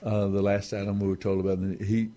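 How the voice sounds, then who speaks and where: A man explaining scripture on a talk show in a halting, measured way with many restarts. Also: lowish voice, monotone, dark tone. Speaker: Bible teacher on a talk show. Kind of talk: unscripted Bible discussion.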